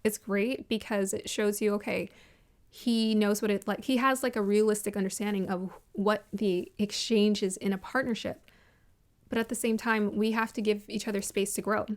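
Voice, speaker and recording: A woman's voice: medium pitch, fairly even intonation, moderate pace. A woman vlogger giving casual, opinionated commentary on a reality show, emphatic and repeating her points, often laughing.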